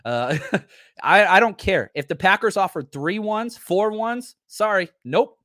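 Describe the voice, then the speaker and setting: Male sports talk host, brash and animated, fairly high voice, dry close sound. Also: unhurried, dry recording. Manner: brash, animated, talks straight to viewers. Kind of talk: casual live-stream sports commentary.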